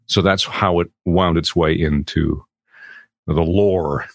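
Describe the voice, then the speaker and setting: Low-voiced, rambling male voice actor. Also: slow, gravelly, no room sound, clean studio sound. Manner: rambling, animated, slips into character voices and laughs. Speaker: voice actor guest. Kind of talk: casual storytelling in an interview.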